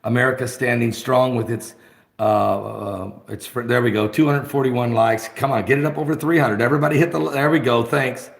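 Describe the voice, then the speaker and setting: A man hosting an off-the-cuff live broadcast from his phone, rambling and excitable, bursting into shouts. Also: mid-range voice, brisk, vocal fry, roomy sound. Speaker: host of an online live broadcast.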